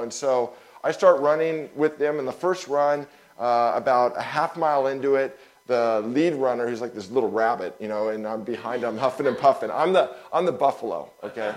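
A male pastor telling a personal story in a sermon, animated, with quick asides and repeated words. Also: medium pitch.

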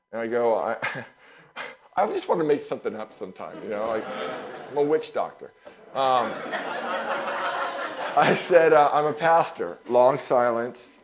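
A male pastor telling a personal story in a sermon, animated, with quick asides and repeated words. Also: medium pitch, background noise.

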